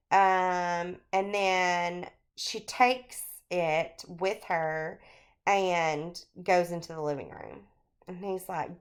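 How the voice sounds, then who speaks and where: A woman teacher recording a screencast lecture on a short story, talking through it in an unhurried, explanatory way with frequent fillers. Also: lowish voice, clean tone.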